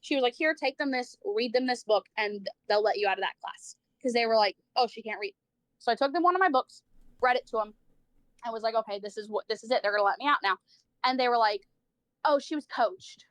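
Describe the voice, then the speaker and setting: Woman, livestreamer, casual storytelling, filler-heavy, cursing, higher voice. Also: quick pace, a bit bright, no echo. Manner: chatty, lots of "like", swears freely, acts out quoted people.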